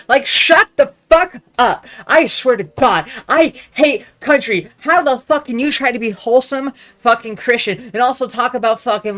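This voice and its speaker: A young man from Texas, ranting loudly in a profane, rambling monologue full of restarts. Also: sits high. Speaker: vlogger.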